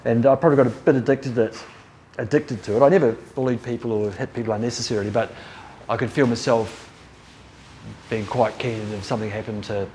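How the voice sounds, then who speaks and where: A man's voice: on the low side, a little mellow, a little hiss or hum. A middle-aged man telling rambling stories in a casual way, often breaking off and restarting his sentences. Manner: rambling, self-interrupting, laughs at own story. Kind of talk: casual storytelling.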